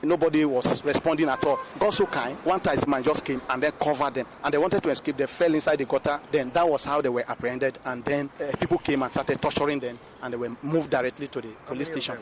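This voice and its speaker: A man's voice: a little high, background noise. A man giving an agitated account to a reporter, recorded outdoors. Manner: rapid, agitated retelling. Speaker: crime victim interviewed by a reporter. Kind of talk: recounting an event to a reporter.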